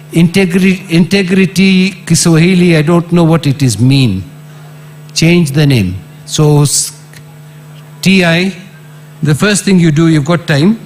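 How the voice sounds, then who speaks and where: A middle-aged Kenyan man with a Kenyan accent, a former member of parliament giving an impassioned public address, emphatic and repetitive with sudden jumps in pitch. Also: a little hiss or hum.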